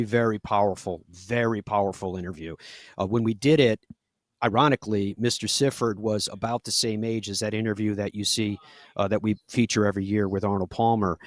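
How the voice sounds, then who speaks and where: A man's voice: fairly low pitch, no room sound. A man hosting a live golf talk show, telling stories in an earnest, conversational way with frequent fillers.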